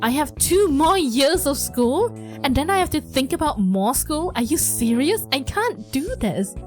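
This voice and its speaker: A woman voicing a moody, sarcastic teenage girl from a story-driven game, reading her lines aloud in a bratty tone that turns to shouting when upset. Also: mid-range voice, moderate pace, faint music behind, lightly acted. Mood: furious.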